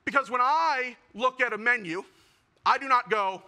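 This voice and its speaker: A young man performing a self-mocking stand-up comedy set, building to shouted punchlines. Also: very high voice, animated, normal speed, vocal fry, pauses often. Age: young adult.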